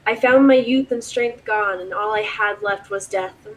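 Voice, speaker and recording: A woman voicing a traveling man who reads a dark old journal aloud in a measured, solemn way, without putting on an accent. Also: high-pitched, low-quality recording.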